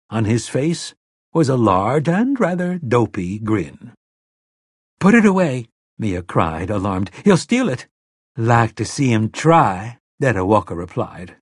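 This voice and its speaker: A man reading an audiobook as its narrator, telling the story in a measured, expressive way. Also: medium pitch, slightly rough, dry recording, studio quality. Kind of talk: scripted narration.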